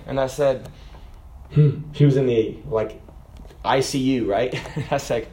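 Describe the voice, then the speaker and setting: A middle-aged man preaching a sermon, moving from quiet, chatty asides to loud, shouted preaching. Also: mid-range voice, normal speed, roomy sound, slight background noise.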